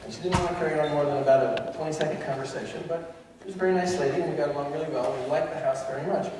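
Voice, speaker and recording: A man's voice: fairly high pitch, racing. Man telling stories in a hall. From United States. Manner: chatty, with frequent fillers and restarts. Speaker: university teacher giving a talk. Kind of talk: humorous anecdotal storytelling. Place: large lecture hall or auditorium. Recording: echoey hall, distant mic, faint noise.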